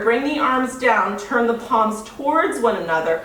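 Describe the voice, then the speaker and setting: A woman's voice: on the high side, animated, unhurried, fairly bright tone, distant mic. Breathless woman coaching a workout, echoey room. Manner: counts reps aloud, cueing moves while exercising. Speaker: yoga and fitness instructor. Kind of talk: guided workout instruction.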